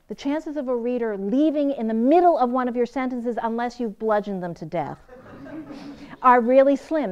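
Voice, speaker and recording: Woman, writing seminar instructor, raised pitch, lively questioning lecture style. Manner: lively, asks the audience questions and answers them. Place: seminar room.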